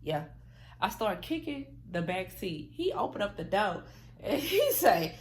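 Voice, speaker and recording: A woman vlogger casually telling a story straight to her viewers, slangy and animated. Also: medium pitch, measured pace, slight background noise.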